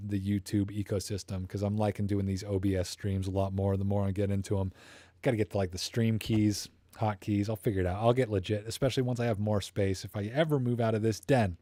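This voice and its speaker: A young man on a live stream, rambling and cracking goofy jokes in a somewhat low, mellow voice. His voice is getting tired. The sound is dry and close. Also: dry recording. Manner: goofy, rambling, self-promoting banter. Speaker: YouTube streamer. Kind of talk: casual live-stream chat. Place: small room at home.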